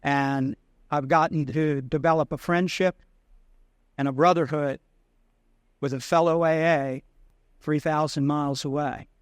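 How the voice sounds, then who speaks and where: A man's voice: on the high side, no echo. A man at a recovery convention earnestly introducing a fellow member he calls his brother. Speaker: convention speaker introducing a guest.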